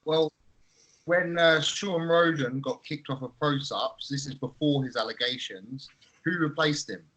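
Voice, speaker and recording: A man's voice: a little high, a little slow, fairly bright tone, low-quality recording. Dry, laid-back man on a call. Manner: dry, laid-back, talks while eating. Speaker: podcast co-host. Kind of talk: casual banter. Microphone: video call.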